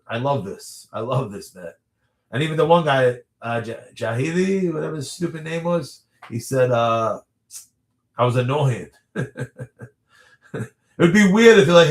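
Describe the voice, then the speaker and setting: A man's voice: a little high, moderate pace, echoey room. A man in his thirties hosting a casual livestream, answering viewer questions in a rambling, chatty way with frequent laughs. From New York area. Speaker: livestream host.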